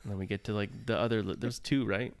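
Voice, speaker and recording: Gravelly low-voiced man telling a story. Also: fast, no room sound. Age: 30s. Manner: animated storyteller, acts out his own fear in quotes. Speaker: podcast co-host. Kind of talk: casual storytelling chat.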